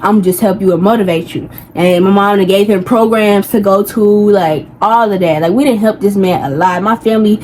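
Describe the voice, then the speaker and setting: A young woman vents through a personal story, heated and loose, with slang and side tangents. Her voice sits in a middle pitch, and a faint hiss runs underneath. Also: moderate pace, hardly any pauses, a little mellow, poor audio. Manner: heated, venting, heavy slang, rambling asides. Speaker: vlogger. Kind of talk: casual storytime rant.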